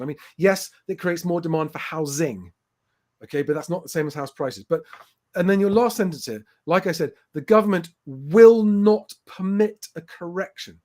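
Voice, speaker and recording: Male host, slightly higher voice, emphatic rebuttal, casual stream chat. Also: darkish tone. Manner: emphatic, rebutting viewer comments. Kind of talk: casual live-stream commentary.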